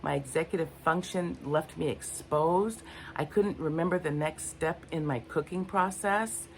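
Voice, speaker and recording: Low-voiced older woman, candid and rambling. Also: unhurried, slight background noise. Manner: candid, rambling, searching for words. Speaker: vlogger. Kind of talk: unscripted personal talk to camera.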